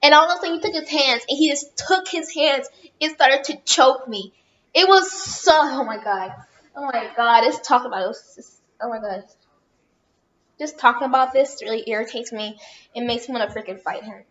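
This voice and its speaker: A woman's voice: sits high, normal speed, fairly bright tone, muffled recording. A woman telling a rambling storytime on her vlog, chatting casually and often correcting herself. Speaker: vlogger.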